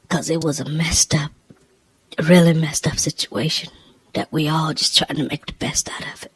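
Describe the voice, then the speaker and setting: A woman tells a personal story, emotional and near tears, her hushed, halting voice often sinking almost to a whisper. Her pitch is low and her tone level, and the recording is rough.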